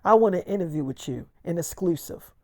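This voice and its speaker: A woman's voice: on the low side, animated, fairly quick, warm tone, dry recording, clean studio sound, voice pushed down. A pushy young podcaster woman, as a storyteller puts her on.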